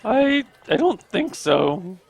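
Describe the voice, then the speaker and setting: A man's voice: high voice, very animated, takes it slowly, creaky, breathy edge, voice pushed up, exaggerated voice. A man doing Wart, a voice-cracking apprentice. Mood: cheerful. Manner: cracking pubescent voice. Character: adolescent male apprentice, cheerful.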